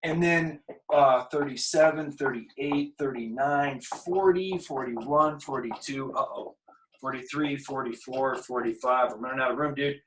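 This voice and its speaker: A man's voice: medium pitch, measured pace, fairly bright tone, poor audio. A man teaching a casual math lesson, working problems aloud with jokes and asides. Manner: joking, thinks aloud while working problems. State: out of breath.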